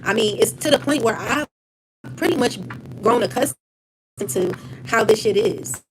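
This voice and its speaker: A woman's voice: a little high, animated, normal speed, noisy background. A woman, venting angrily to camera in a profane personal rant full of repeated phrases and restarts. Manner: heated, profane and repetitive, with many restarts. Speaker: vlogger.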